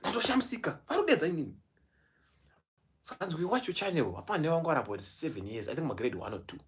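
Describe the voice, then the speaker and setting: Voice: medium pitch, big pitch swings, fast, noisy background. A young adult Zimbabwean YouTuber whose first language is Shona, talking in a casual vlog and switching between English and Shona mid-sentence. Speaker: YouTuber celebrating a subscriber milestone.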